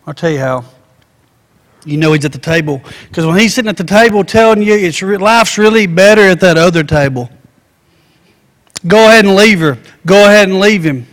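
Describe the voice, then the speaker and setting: A man's voice: high-pitched, a little fast, fairly bright tone. A man preaching a sermon, asking rhetorical questions and acting out everyday voices. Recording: echoey hall reverb.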